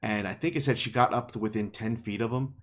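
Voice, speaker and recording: A man's voice: fairly low pitch, fast. Man casually recapping a fantasy book. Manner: animated retelling with playful quoted voices and laughs. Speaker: podcast co-host. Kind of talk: casual book discussion podcast.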